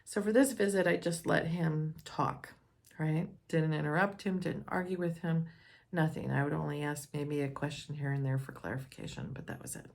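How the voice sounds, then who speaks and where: Woman speaker sharing a personal story, lively and expressive, with some vocal fry. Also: sits low, normal speed. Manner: animated, acts out dialogue, laughs often.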